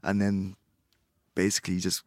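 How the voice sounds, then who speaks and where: A man, chatting casually as an interview guest, relaxed and rambling with many fillers. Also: low-pitched, normal speed, dry recording, studio quality. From Bristol, England. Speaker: guest musician.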